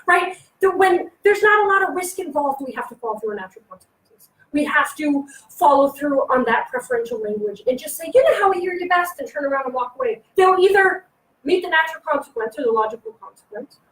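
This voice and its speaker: A woman giving a lively parenting workshop to a live audience, acting out children and adults in quick little voices. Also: sits high. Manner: animated, acts out kids and adults in quick voices. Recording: echoey room, voice from a distance.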